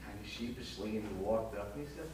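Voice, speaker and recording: A man's voice: on the low side, quick pace, a little mellow, natural voice. A man performing a bawdy aging woman in a live vaudeville comedy monologue, teasing the audience between punchlines. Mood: sly. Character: bawdy aging woman telling racy stories. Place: small theater stage. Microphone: far camera in the house. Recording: echoey hall from far off, noisy. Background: audience laughter.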